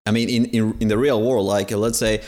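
Male host with a lowish voice, unhurried and halting as he looks for words. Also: level tone, darkish tone. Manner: hesitant, pauses to search for words. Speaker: host and language teacher. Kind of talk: casual interview chat.

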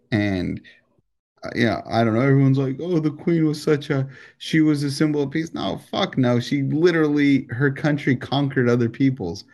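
An American man co-hosting a podcast, ranting in a casual, animated and profane way, with lots of restarts. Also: on the low side. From United States. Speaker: podcast co-host.

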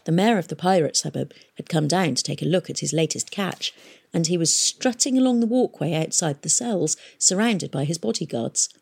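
A woman reading a novel aloud in a steady, measured storytelling voice. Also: low voice, creaky, breathy edge. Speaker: audiobook reader.

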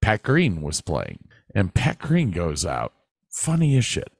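This podcast co-host, based in Texas, speaks with a northern US accent in a low-pitched, husky voice marked by vocal fry and wildly swooping pitch. He talks slowly, swears freely, and rambles through casual stories, all in clean studio sound with no echo.

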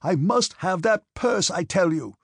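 A man's voice: medium pitch, sing-song, slow pace, darkish tone, husky, no room sound, clean studio sound, heavily acted. A man voicing a hot-tempered hussar officer who bellows his words and lisps slightly. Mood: raging. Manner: bellowing, furious.

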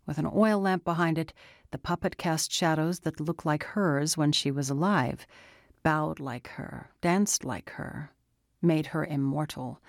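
Low-voiced woman narrating a story. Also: creaky, no echo. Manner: calm, measured storytelling. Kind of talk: scripted audiobook narration. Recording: dry close studio sound.

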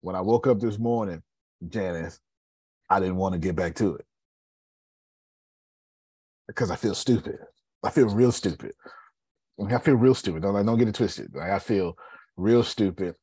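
A man's voice: deep voice, normal speed, long pauses, warm tone, husky, dry recording. A man hosting a podcast in casual live coaching talk, emphatic, repeating phrases and calling listeners by name. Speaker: podcast host.

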